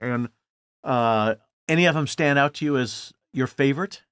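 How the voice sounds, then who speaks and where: A man in his sixties hosting a podcast interview, telling lively stories and acting out the voices of the people he quotes. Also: medium pitch, moderate pace, smooth, no room sound, clean studio sound. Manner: animated storyteller, acts out quoted voices. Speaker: podcast host. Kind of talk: conversational interview.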